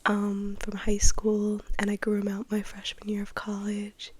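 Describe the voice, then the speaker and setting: A young woman with a cold, whispering a rambling, giggly ASMR chat. Her voice is congested and breathy. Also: medium pitch, monotone, measured pace, no echo. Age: young adult. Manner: rambling, giggly, self-deprecating. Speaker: ASMR creator.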